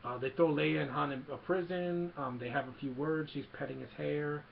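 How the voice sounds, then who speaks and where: A man's voice: on the high side, fairly even intonation, moderate pace, gravelly, lo-fi sound, a little hiss or hum. A man casually retelling a movie scene by scene, rambling with many fillers. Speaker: film recap vlogger.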